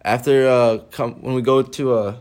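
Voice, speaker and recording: A man's voice: mid-range voice, flat delivery, normal speed, a little mellow. Young guy on a podcast, kinda tired, rambling story with lots of likes and restarts. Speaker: podcast co-host. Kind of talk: casual chat.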